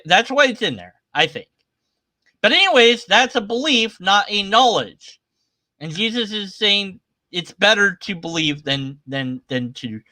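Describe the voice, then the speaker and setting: A man's voice: a little high, pushed and bright, dry recording. A man giving casual, sarcastic commentary as he reads scripture aloud at his computer. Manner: sarcastic, irreverent. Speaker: atheist commentator. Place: at his computer sharing his screen.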